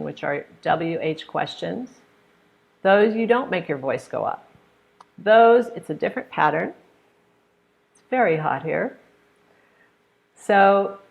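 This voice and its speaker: A woman's voice: sits low, creaky. An American woman teaching pronunciation in a live online lesson, patiently demonstrating intonation with examples. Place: hot room.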